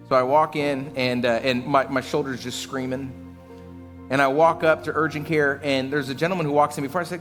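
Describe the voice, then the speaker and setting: A man's voice: fairly high pitch, quick pace, a bit bright, soft background music. A man preaching a sermon as pastor, telling a story with self-mocking humor and frequent chuckles. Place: church service.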